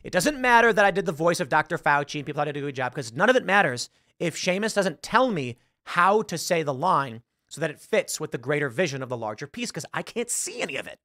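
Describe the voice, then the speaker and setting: A man's voice: a little high, very animated, quick pace, few pauses, bright, forceful tone, no echo, clean studio sound. A man hosting a casual talk show, rambling about films while searching online and acting out lines. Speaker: podcast host. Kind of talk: casual commentary.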